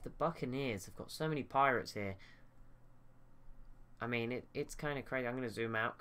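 A man's voice: mid-range voice, fairly bright tone, smooth. A man giving casual, thinking-aloud commentary over a strategy game, often restarting his sentences. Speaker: gaming YouTuber.

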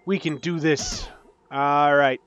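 A man casually commenting on his own gameplay, swinging between low muttering and frantic panicked outbursts. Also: fairly even intonation, slow pace, music in the background. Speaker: gaming channel host.

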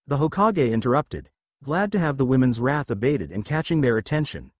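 A man narrating a fan fiction story aloud, his pitch rising and falling in animated storytelling. The recording is close and dry, with no room sound. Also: normal speed, dry recording.

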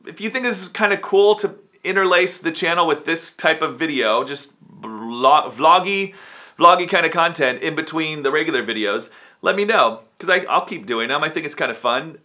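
Sleepy, rambling man vlogging at home. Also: pushed and bright. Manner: rambling, self-deprecating, low-key. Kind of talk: casual vlog chat. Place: at home, indoors. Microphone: camera or phone on a stand.

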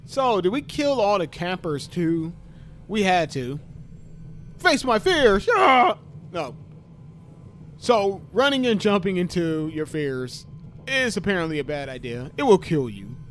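Lively man with a sore voice. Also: high-pitched, a little hiss or hum. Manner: joking, talks to himself, yelps at scares. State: sore voice from talking. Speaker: gaming YouTuber. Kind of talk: horror game commentary.

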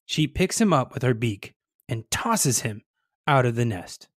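A storyteller reading a children's story aloud in a gentle, expressive way, with lively sound words. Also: mid-range voice, a little slow, no echo, studio quality.

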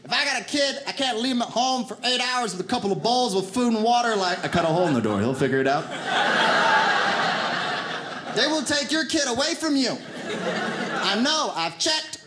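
High-voiced, lively stand-up comedian man. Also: brisk. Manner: animated storytelling with put-on quoted voices. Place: theater stage before a laughing audience. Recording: loud audience noise.

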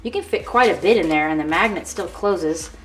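A woman with a fairly low, slightly fast voice hosts a crafting tutorial, gushing and chatting as she shows off her work in a casual show-and-tell. The mic is a bit distant, with faint music in the background.

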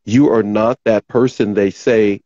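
A man hosting a talk show, rambling casually as he reads out viewer comments, his voice going hoarse. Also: lowish voice, steady tone, measured pace, mellow, no room sound, lo-fi sound. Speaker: podcast host.

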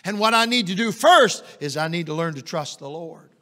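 A middle-aged man preaching a sermon as an evangelist, telling folksy stories and rising to loud, emphatic peaks. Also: sits high, expressive, normal speed. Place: church sanctuary. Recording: long church reverb.

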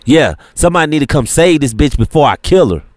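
A man's voice: fairly high pitch, big pitch swings, quick pace, a little mellow, no room sound, pitched above the performer's own voice. A man voicing a hostile young man in a bar who throws insults and threats. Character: hostile young pool player, looking for trouble.

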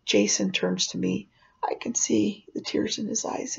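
A woman's voice: medium pitch, steady tone, moderate pace, creaky, slightly rough. A woman telling a spooky personal story dramatically, dropping into whispers for suspense. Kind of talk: oral storytelling. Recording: dull lo-fi recording.

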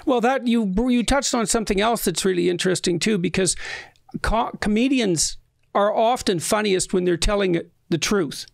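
A middle-aged man with a high, gravelly voice co-hosts a conversational interview. He speaks in a measured, probing way, often restarting his sentences. The sound is close and dry. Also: dry recording. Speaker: podcast co-host.

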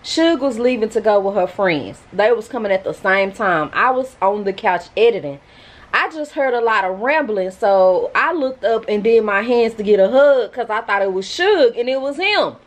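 A woman's voice: medium pitch, lively intonation, moderate pace. A woman, chatting bluntly and casually to her viewers in a vlog, with laughing asides. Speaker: vlogger.

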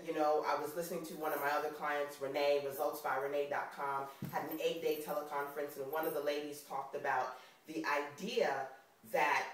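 A woman's voice: sits low, distant mic, slight background noise. Chatty New York woman, echoey room. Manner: chatty and expressive, laughing often. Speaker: vlogger. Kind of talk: casual motivational vlog talk. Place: indoors on camera.

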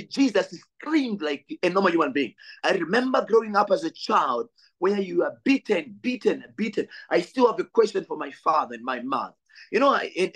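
A man's voice: high voice, slightly rough, poor audio. A man from Zambia, a pastor preaching a sermon with a repetitive, building delivery and direct appeals to his brothers and sisters.

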